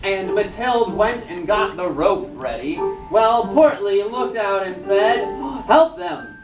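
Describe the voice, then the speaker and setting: A woman narrating a children's stage play, telling the story slowly and clearly while cueing the young performers. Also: mid-range voice. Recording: echoey stage from far off with music.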